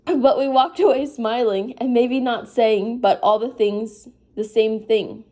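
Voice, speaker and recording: A woman's voice: fairly high pitch, unhurried, hardly any pauses, dark tone. A sleepy woman reading a novel aloud in a casual, informal way, stopping now and then to comment. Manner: informal, breaks off to apologize and comment. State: sleepy, yawning. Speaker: reader.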